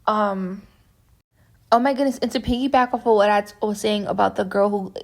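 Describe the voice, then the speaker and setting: A woman's voice: mid-range voice, steady tone, a little fast. A young woman vlogger chatting casually through a story time, meandering and saying "like" constantly. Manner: chatty and meandering, heavy use of "like".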